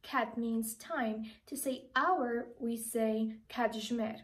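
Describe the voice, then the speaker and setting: A young woman from Iraqi Kurdistan teaching an online language lesson, speaking slowly and repeating each word with care. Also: on the high side, steady tone, far from the mic, rough recording. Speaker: language tutor.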